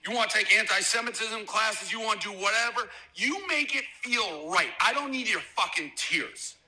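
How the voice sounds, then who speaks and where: A man's voice: high-pitched, moderate pace, pushed and bright, rough recording. A middle-aged man giving a profane, fired-up rant to camera as a business owner's statement.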